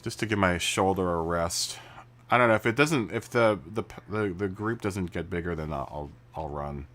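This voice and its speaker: A man's voice: low-pitched, moderate pace, a bit bright, a little hiss or hum. A man live streaming a racing game, chatting casually with viewers, laughing often and restarting his sentences. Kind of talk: casual chat while gaming. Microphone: studio mic through mixer.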